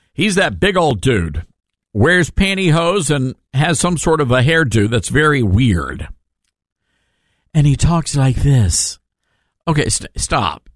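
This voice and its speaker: A man hosting a talk radio show, giving casual opinion commentary in an animated, sarcastic way with rambling asides. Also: fairly high pitch, no echo, clean studio sound.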